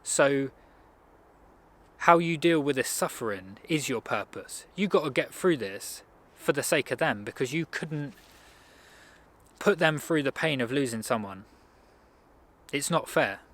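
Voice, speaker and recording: A man at an average pitch giving a casual motivational talk. He speaks conversationally and rambles, breaking off and restarting sentences as he goes. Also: expressive, measured pace, long pauses, a bit bright. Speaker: self-improvement speaker.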